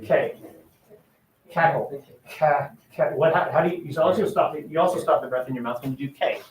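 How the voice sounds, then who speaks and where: A man's voice: on the high side, moderate pace, a little hiss or hum. A man teaching an English class, sounding out letters aloud and quizzing his students as he goes. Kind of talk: classroom lecture. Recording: roomy classroom echo.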